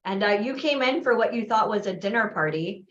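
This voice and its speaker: A woman's voice: mid-range voice, lively intonation, fairly quick, a bit bright, reverberant, dull audio. A woman hosting a casual interview, giggly and enthusiastic. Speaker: host.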